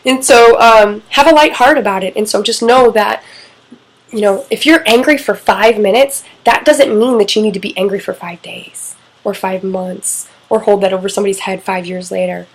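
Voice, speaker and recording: A woman's voice: mid-range voice, moderate pace, low-quality recording. A middle-aged woman coaching on relationships in a casual, candid talk, swearing freely and acting out quoted lines.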